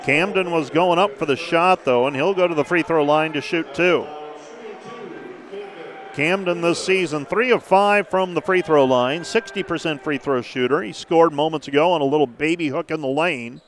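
A man calling live basketball play-by-play, brisk and name-by-name, with stat asides between plays. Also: a little high, crowd noise. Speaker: play-by-play announcer.

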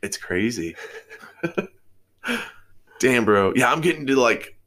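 A man's voice: medium pitch, expressive, slow, a bit bright. A young man hosting a casual podcast, laughing often and joking loosely with his friend. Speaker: podcast host.

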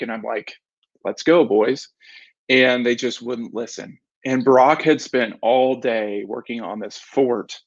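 A man in his thirties speaks in a relaxed, rambling way, sharing a devotional with the habit of starting over mid-sentence. His voice has a gravelly, creaky edge. The recording is dry and a little dull. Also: medium pitch, dry recording. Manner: rambling, restarts and self-corrections, reflective. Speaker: devotional speaker, business owner and father. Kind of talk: casual devotional talk to camera.

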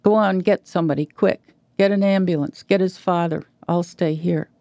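Woman reading a blunt, gravelly middle-aged contractor in a storybook reading; low-key, dark tone. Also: fairly even intonation, moderate pace, dry recording, lightly acted. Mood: urgent. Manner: shouting, blunt. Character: gruff middle-aged male contractor, panicky.

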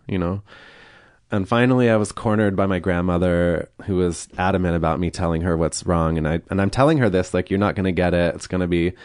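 Speaking candidly as a podcast guest, this man tells a personal story in a deep, low-pitched voice that is clear, resonant and a little mellow. He keeps a steady tone, talks a little fast, slips into quoted dialogue, and laughs uneasily at points. No room echo is heard in the dry recording.

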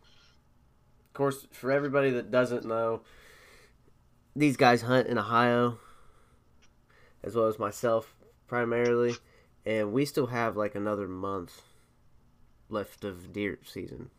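Smooth-voiced easygoing podcast host. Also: male voice, mid-range voice, fairly even intonation, slow pace, long pauses. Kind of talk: casual chat.

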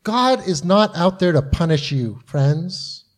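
High-voiced man preaching a sermon. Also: sing-song, slow pace. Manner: earnest, acts out quoted voices with rising intensity.

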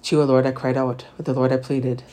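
A man reciting the Divine Office, reading psalms and lessons in a steady liturgical recitation. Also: mid-range voice, quick pace. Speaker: prayer leader.

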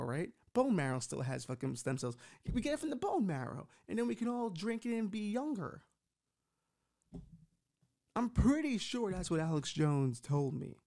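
Animated, gravelly-voiced New York man. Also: fairly high pitch. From United States. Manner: animated, rambling, profane. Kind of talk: comedic rant.

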